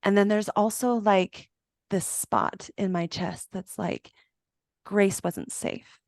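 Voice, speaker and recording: A woman in her forties with a slightly gravelly, mid-pitched voice answers interview questions in a slow, searching way. Her sound is dry and close to the mic. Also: steady tone, no room sound. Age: 40s. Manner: slow, searching, emotional talk about the body. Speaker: podcast guest, trauma embodiment coach.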